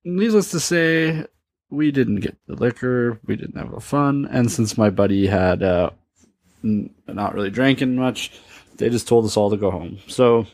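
A man's voice: fairly low pitch, a little mellow, no room sound, clean studio sound. A man casually telling a funny story, laughing along and acting out the voices of the people in it. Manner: laughing, acts out quoted voices. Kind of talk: casual anecdote.

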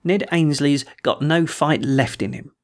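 A man voicing a rough, down-on-his-luck sailor who talks in a surly, aggrieved whine. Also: a little high, unhurried. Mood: surly whining.

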